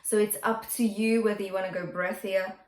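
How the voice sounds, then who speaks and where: A woman singer and vocal coach teaching a song gently and encouragingly, and singing short lines to show each technique. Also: mid-range voice, steady tone, brisk. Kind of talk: singing lesson with sung demonstrations. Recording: echoey room with faint guitar music.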